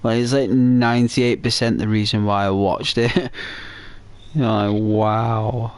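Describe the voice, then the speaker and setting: A man's voice: lowish voice, fairly even intonation, unhurried, clear, resonant tone. A man casually chatting while playing a game, rambling and hesitant, full of fillers and restarts. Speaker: gaming channel host.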